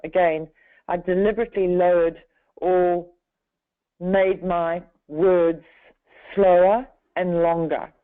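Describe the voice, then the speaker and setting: Middle-aged woman, counselor leading a webinar, slow and soothing delivery, dry narrow phone-line sound. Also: lowish voice, no room sound. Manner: slow, deliberately calming delivery. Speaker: counselor and trainer. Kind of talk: webinar presentation.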